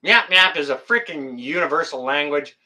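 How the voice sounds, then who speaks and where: A man's voice: on the high side, animated, normal speed, sharp tone. A middle-aged man hosting a casual livestream, rambling and joking as he reads viewer comments, with mild swearing. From Canada. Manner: rambling, joking, swears mildly, laughs at chat. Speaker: livestream host. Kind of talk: casual live chat reading viewer comments.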